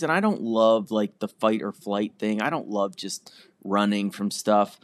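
A man's voice: on the low side, animated, a little slow, no echo. A man hosting a podcast, telling a personal story in a candid, self-deprecating, conversational way. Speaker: podcast host. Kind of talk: personal monologue.

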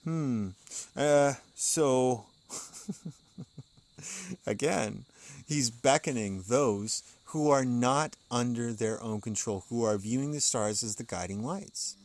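A podcast host with a mid-range, darkish voice takes his time as he comments casually on an occult text from a porch outside. Between his musings he reads passages aloud, chuckling frequently.

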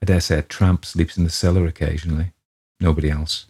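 A man's voice: low-pitched, level tone, fast, darkish tone, breathy edge. A man doing a weary, grumbling forty-something writer. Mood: polite. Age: 40s. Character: weary middle-aged male writer, petulant.

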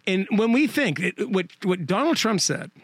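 A man's voice: high voice, sing-song, normal speed, husky, no room sound. A man co-hosting a podcast, talking politics in an emphatic, sardonic way. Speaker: podcast co-host. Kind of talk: casual political chat.

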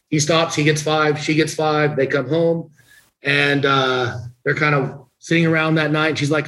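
Middle-aged man telling a lively anecdote. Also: a little high, normal speed, rough recording. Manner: conversational, animated anecdote-telling with quoted dialogue. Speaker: guest attorney. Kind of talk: casual storytelling interview.

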